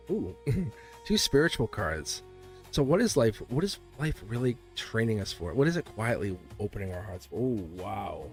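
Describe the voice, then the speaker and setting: A man hosts a casual live-stream tarot reading on his channel, rambling, restarting his sentences, and often laughing as he talks. His voice is medium-pitched and a little mellow.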